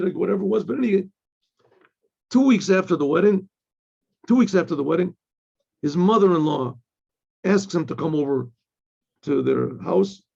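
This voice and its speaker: A man, a rabbi, telling a story in a lesson, animated and repeating himself, acting out the people in it. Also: sits high, creaky. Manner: animated storyteller, acts out quoted voices, repeats words. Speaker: rabbi teaching. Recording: dull lo-fi recording.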